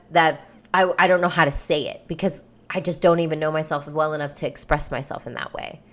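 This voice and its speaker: A woman's voice: on the low side, fairly bright tone. Candid, freewheeling woman podcaster. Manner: candid, rambling, swears freely. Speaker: podcast host and coach. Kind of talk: casual solo podcast monologue.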